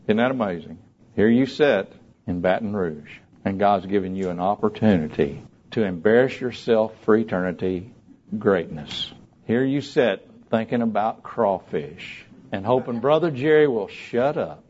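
An older man preaching a sermon, folksy and storytelling, moving between soft low talk and shouted high peaks. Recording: dull lo-fi sermon recording.

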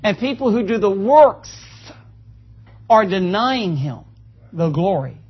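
Folksy high-voiced preacher. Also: male voice, sing-song, slow, breathy edge, muffled recording. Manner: folksy, joking, calls for amens. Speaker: pastor. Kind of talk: sermon. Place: church.

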